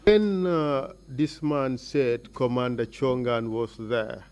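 A man's voice: mid-range voice, takes it slowly, darkish tone, clear, resonant tone. A man questioning a witness at a formal hearing, probing and pressing with leading questions. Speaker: lead counsel questioning a witness. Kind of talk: formal cross-examination. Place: hearing room.

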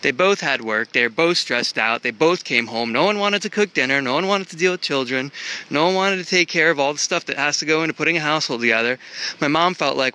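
A man's voice: on the high side, fast, pushed and bright, clear, resonant tone. A man vlogging casually, thinking aloud as he walks through an outdoor park with a handheld camera. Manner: rambling, thinking aloud while walking. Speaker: travel vlogger. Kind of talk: casual walking vlog.

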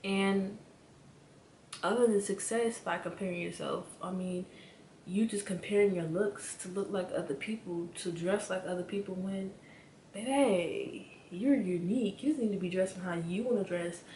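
A woman giving a casual, animated motivational talk straight to her viewers as a spiritual vlogger, repeating her points for emphasis. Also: medium pitch, normal speed. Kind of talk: casual motivational rant to camera. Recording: echoey room with faint background hum.

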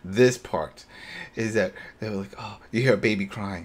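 A man's voice: lowish voice, moderate pace. A man co-hosting a podcast, retelling scenes in casual chat and acting out the characters' lines as he goes. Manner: animated, acts out characters' lines while retelling. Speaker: podcast co-host.

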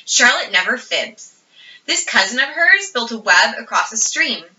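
A woman's voice: a little high, big pitch swings, a little slow, bright, forceful tone, heavily acted. A woman voicing an eager, imaginative young farm girl who insists on her stories. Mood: earnest. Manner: earnest, insistent storytelling. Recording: roomy, distant, dull audio.

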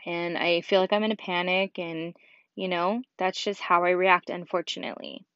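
A woman's voice: fairly low pitch, little pitch movement, moderate pace, a bit bright, clean tone, no room sound. A woman in her thirties hosting a casual solo podcast, talking candidly with lots of fillers. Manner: candid, chatty, many fillers. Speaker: podcast host. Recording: dull lo-fi podcast mic.

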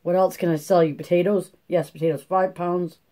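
A small, sly store clerk as a man reads him aloud talks in a glib, giggly drawl. His voice is mellow with a quick, slippery edge. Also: high-pitched, steady tone, lightly acted.

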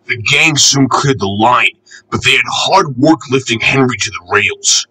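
A man reads a children's storybook aloud, lively and playful, lifting his pitch for each engine he voices. His voice is bright and edged, with a husky grain. The recording is dry and close. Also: unhurried, no echo, poor audio. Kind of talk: storybook narration with character voices.

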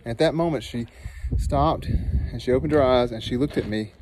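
A man who works as a nurse and teaches meditation, telling a personal story outdoors in an earnest, animated way that turns soft and slow when he guides a meditation. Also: medium pitch, background noise. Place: outdoors in a dry canyon.

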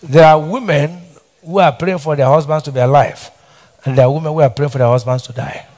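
A man's voice: on the high side, fairly even intonation, a little fast, a little mellow. A middle-aged Nigerian man preaching a sermon as pastor, repeating lines and tossing questions back to the congregation. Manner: preaching with call-and-response questions and repetition. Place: church hall.

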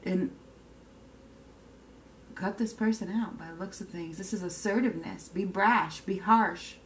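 A woman's voice: mid-range voice, measured pace, slight background noise. A woman giving a casual tarot card reading, blunt and emphatic, often repeating herself and checking in with "okay?" while swearing casually. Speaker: tarot reader.

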